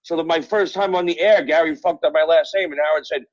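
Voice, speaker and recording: A middle-aged man tells stories in a rambling, profane way, full of "uh" and "like," at a slightly raised pitch. He is heard over a phone line, dull and muffled at the top end. The sound is dry, with no room around it. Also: steady tone, quick pace, no room sound. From Brooklyn, New York. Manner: rambling, profane storytelling with many fillers. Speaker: guest, author. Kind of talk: casual interview chat. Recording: dull phone-call audio.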